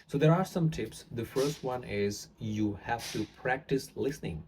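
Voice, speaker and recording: A man teaching accents to camera, explaining in a rambling way with frequent pauses. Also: mid-range voice, a little mellow, a little hiss or hum.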